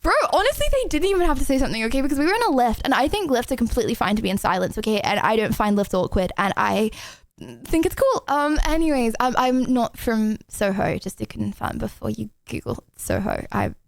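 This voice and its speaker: Woman streamer, young, high voice, giggly rambling chat, close dry mic. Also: very animated, brisk, gravelly, no echo. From England. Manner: giggly, rambling, self-deprecating. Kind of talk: casual chat to a live stream audience.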